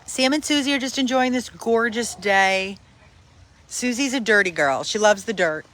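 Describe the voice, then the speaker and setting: A woman hosting a casual live stream for a dog rescue from outdoors on her phone, greeting viewers by name and breaking into high sing-song baby talk with the dogs. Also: moderate pace, fairly bright tone, slight background noise. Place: outdoors in a yard.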